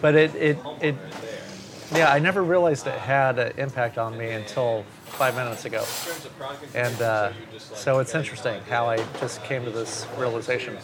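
Animated male storyteller, mid-pitched, casual swearing, chatter of a crowd behind. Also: moderate pace. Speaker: drummer guest.

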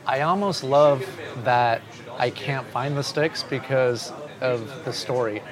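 A man's voice: medium pitch, slow, crowd noise. A man, a drummer, telling stories in a casual interview and swearing casually. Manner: animated storyteller, swears casually. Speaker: drummer guest.

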